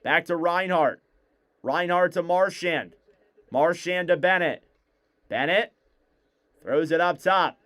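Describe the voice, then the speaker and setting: A man with a smooth, clear voice that sits a little high for a man delivers live hockey play-by-play. He fires off rapid, clipped calls and lifts his voice whenever a shot goes in. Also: a bit bright. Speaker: play-by-play commentator.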